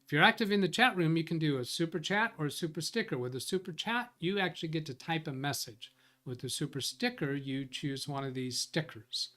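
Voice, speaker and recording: Brisk and forceful, with a fairly high, expressive, bright voice, a man hosts a tech support live stream. He reads viewer comments and thinks out loud, rambling and correcting himself as he chats casually.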